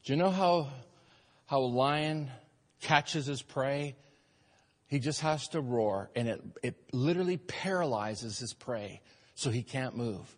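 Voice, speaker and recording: A man preaching a sermon as pastor, emphatic, swinging between loud urgent passages and quiet earnest ones. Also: medium pitch, a little slow, long reverb tail. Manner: emphatic preaching, rising and falling in force.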